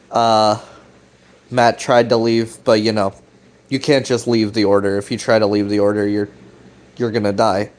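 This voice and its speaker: Man rambling through a profane plot recap. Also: medium pitch. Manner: loose, profane, full of fillers and restarts. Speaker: web series recap host.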